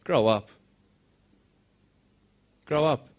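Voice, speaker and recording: A man giving an impassioned motivational speech to a school audience, moving from quiet intensity to emphatic shouting. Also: mid-range voice, extremely slow, highs cut off. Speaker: motivational speaker.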